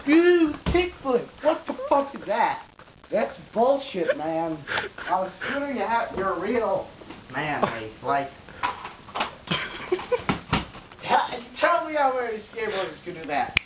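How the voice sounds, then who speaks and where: A man's voice: high-pitched, very animated, normal speed, highs cut off, background noise. A man playing a boastful, crude pro scooter rider in a mock interview comedy sketch, rambling and bragging. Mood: boasting.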